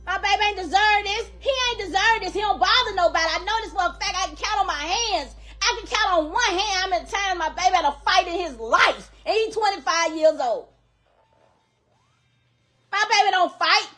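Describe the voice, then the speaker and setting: A middle-aged woman from Louisiana, USA, speaks at an extremely high pitch and moderate pace with a sharp tone. As a grieving grandmother, she makes an angry, emphatic public plea, repeating herself for force.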